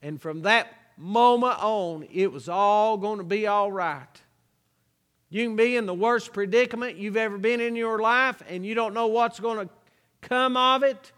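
A preacher with a very high voice, speaking at an unhurried, deliberate pace. He draws out each verse and drops in homespun asides, and his words ring with a long reverb in a church sanctuary. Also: fairly bright tone, clean tone. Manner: slow drawn-out scripture reading, folksy asides. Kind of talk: sermon.

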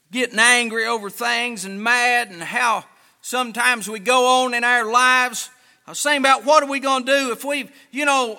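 Preacher man, real high bright voice, fiery sermon, church reverb all around. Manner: fervent, dramatic, acts out excuses.

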